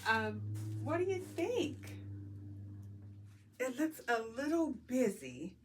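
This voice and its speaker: A woman's voice: sits high, sing-song, takes it slowly, a little hiss or hum. A middle-aged woman talking casually as she works on a quilt, thinking aloud and laughing often. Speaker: quilting vlogger. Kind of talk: casual talk while working.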